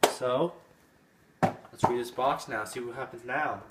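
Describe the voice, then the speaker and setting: A man's voice: medium pitch, measured pace. A young man hosting a casual home cooking show in a goofy, rambling, playful way. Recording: echoey room with background noise.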